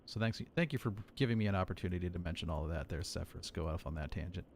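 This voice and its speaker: Late-30s guy with a gravelly low voice, rambling about controller phrasing. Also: quick pace, a little mellow, a little hiss or hum. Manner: chatty, explains with repeated examples, self-mocking. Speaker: streamer and air traffic controller. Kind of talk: casual live-stream chat.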